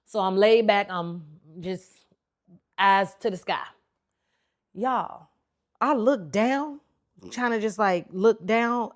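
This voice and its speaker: A woman hosting a podcast, telling a personal story in a lively, chatty, informal way full of slang and acted-out dialogue. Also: mid-range voice, slow pace, long pauses. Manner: animated, chatty retelling with lots of quoted dialogue. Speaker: podcast host.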